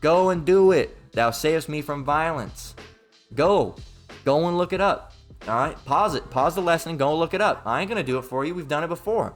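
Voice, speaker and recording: A man's voice: on the high side, fast, a bit bright, soft background music. A man giving an informal Bible lesson, blunt and emphatic, who swears freely and keeps checking in with "all right?". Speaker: religious teacher.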